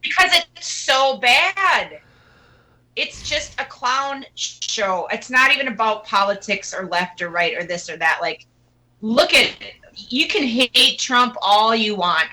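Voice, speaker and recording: A woman guest on a radio interview, talking in a casual, animated and mocking way with quick asides. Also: fairly high pitch, low-quality recording. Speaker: guest singer.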